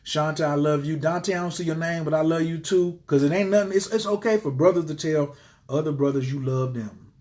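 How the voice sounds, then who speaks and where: A man talking casually on a livestream to his viewers, animated and preachy, swearing freely and swinging between loud outbursts and quiet murmurs. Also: fairly high pitch, a little fast. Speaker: livestream host. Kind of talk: casual live-stream talk to viewers.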